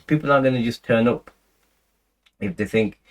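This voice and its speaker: A man teaching a Quran commentary class in a relaxed, conversational way, full of fillers and restarts, now and then reciting Arabic verses. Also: medium pitch, normal speed, gravelly, rough recording. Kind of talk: casual lecture on scripture.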